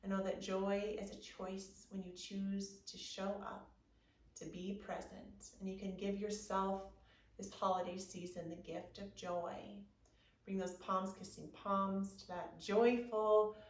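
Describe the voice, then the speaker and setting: A woman teaching a restorative yoga class, giving soft, soothing guidance and gentle affirmations. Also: medium pitch, little pitch movement, measured pace. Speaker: yoga instructor. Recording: roomy, from a distance.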